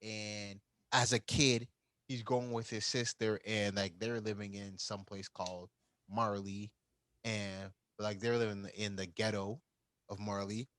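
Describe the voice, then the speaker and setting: Low-voiced man animatedly recapping an anime. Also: measured pace, poor audio. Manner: animated retelling, acting out characters' lines. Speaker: podcast co-host. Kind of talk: casual anime recap chat.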